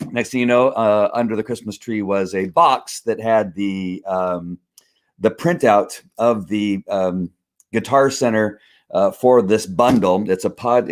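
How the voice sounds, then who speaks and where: A man in his home studio, rambling casually with many fillers while unboxing a gift on a live stream, a little out of breath. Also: fairly low pitch.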